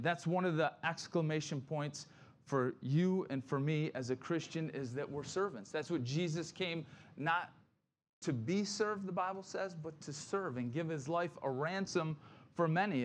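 A male pastor preaching a conversational sermon, often checking in with "right?" and acting out grumbling complainers in quoted asides. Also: a little high.

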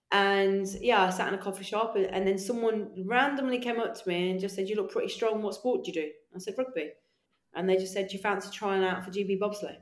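A woman guest on a podcast, telling animated stories in casual chat, swearing freely and acting out her own voice. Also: mid-range voice. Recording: echoey room.

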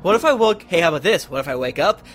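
A man playing his character in a tabletop role-playing game, animated and laughing often, close to the microphone. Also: a little high, racing, soft background music. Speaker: player.

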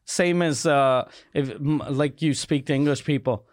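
Quebec comedian cohosting, chill, swears, voice a bit high, dry mic. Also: male voice, unhurried, no echo. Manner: laid-back, profane, frequent agreeing interjections. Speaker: podcast co-host, comedian. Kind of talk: casual podcast chat.

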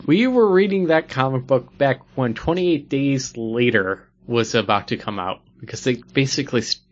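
Brief: mid-pitched man, joking co-host, quick asides, muffled lo-fi sound. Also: animated. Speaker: podcast co-host. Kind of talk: casual chat. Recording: dull lo-fi sound.

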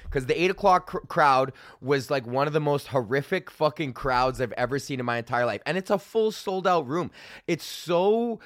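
A young man rants through a casual podcast monologue, swearing freely and wandering between thoughts with plenty of fillers. His voice sits a little high for a man. The studio mic on its stand gives a close, dry sound with no room around it. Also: expressive, a bit bright, no echo. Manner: profane, loose and rambling, drawn-out fillers. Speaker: podcast host and stand-up comedian.

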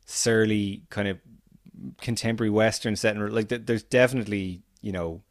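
Opinionated Irish podcast host. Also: male voice, lowish voice, dry recording, studio quality. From Ireland. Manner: animated and opinionated, quick restarts. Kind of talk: casual film podcast chat.

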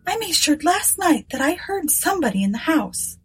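A woman's voice: high-pitched, very animated, normal speed, voice pushed up. A woman reading aloud voicing a timid, frightened sister in a storybook, with a fearful, pleading manner. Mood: uneasy.

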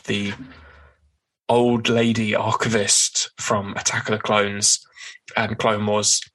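A man's voice: fairly low pitch, level tone, takes it slowly, fairly bright tone, poor audio. A man hosting a casual podcast, recapping comic plots in a rambling way with many ums and sort-ofs.

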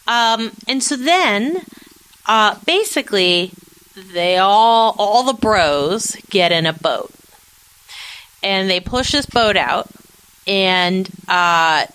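Bright-voiced chatty woman recapping. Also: fairly high pitch, clear, resonant tone, rough recording. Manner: animated, chatty, acts out quotes of characters. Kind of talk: casual chat recapping a TV episode.

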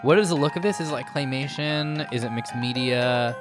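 A man's voice: medium pitch, a little fast, music in the background. A man running an improvised tabletop game as game master, upbeat and full of ums. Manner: upbeat, hesitant with many ums.

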